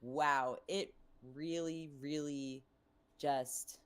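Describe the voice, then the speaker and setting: In a low-pitched, steady, smooth voice, extremely slow, a woman producer teaches mixing in a relaxed studio tutorial. She explains her vocal mix chattily, leaning on fillers and calling out numbers.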